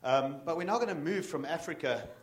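A man's voice: on the high side, expressive, fairly quick. A man giving a live talk as a bird guide and author, telling a dramatic story with bursts of emphasis. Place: talk in front of an audience.

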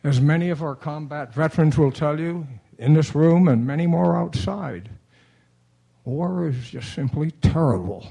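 Guy reading a prepared council speech, kinda high voice, mellow tone, formal. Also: measured pace, vocal fry, husky. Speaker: public commenter at city council. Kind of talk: prepared public comment speech.

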